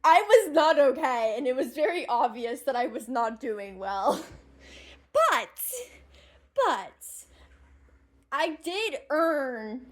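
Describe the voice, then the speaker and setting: Late-teen girl, high voice, casual storytime vlogger, rambling, giggly, swears freely. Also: big pitch swings, takes it slowly, long pauses.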